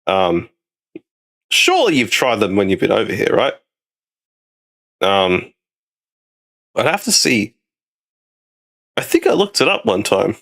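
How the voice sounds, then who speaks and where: A man's voice: lowish voice, wildly swooping pitch, takes it slowly, vocal fry, long pauses, fairly bright tone. A man with an Australian accent, hosting a loose, rambling casual chat stream and swearing now and then. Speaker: streamer host.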